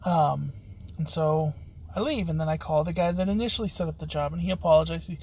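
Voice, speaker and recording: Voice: mid-range voice, darkish tone, slightly rough. A locksmith telling a job story in a casual, rambling way, with frequent halts and restarts. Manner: rambling, halting, with many restarts and fillers. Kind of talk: casual spoken anecdote.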